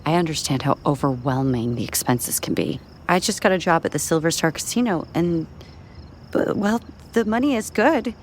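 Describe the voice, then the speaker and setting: An actress playing a kind, practical young cigarette girl in an audio drama, speaking calmly and gently. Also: low voice, normal speed, slight background noise. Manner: calm, sensible, gentle.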